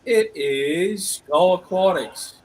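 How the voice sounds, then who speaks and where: A man's voice: high voice, huge pitch swings, slow pace, a little mellow, rough recording. A man hosting a casual live-stream fish auction, upbeat and loose, talking straight to his viewers. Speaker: auction host.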